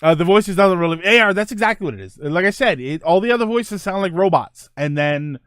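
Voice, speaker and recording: A man's voice: sits high, lively intonation, fairly quick, a bit bright, smooth, no echo, studio quality. A man in his forties hosting a casual livestream chat, rambling and enthusiastic, laughing often. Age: 40s. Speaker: streamer and host.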